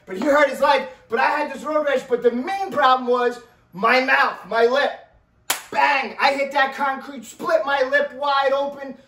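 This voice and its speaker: A man telling a story in a casual, animated way, with loud bursts and a habit of asking "right?". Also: very high voice. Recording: roomy, mic at a distance.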